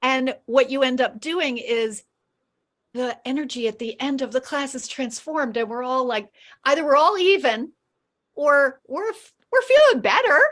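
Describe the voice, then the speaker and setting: Woman, program member, on a video call from home. Higher voice, chatty, acts out her stories. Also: a little slow. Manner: animated storyteller acting out quotes. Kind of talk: casual group video call chat.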